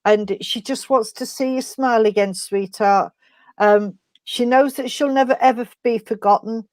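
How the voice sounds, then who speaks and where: A woman giving an emotional mediumship reading, speaking in a halting, tender way and calling the listener sweetheart. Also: fairly high pitch, steady tone, a little mellow, dry recording. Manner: halting, tender, full of endearments. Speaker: spiritualist medium.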